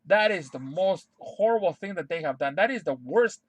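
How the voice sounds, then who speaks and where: A young man streaming live rants unscripted at his chat in a high, animated voice at normal speed, with no room sound. He sounds heated and exasperated, swears heavily, and repeats his refusals again and again.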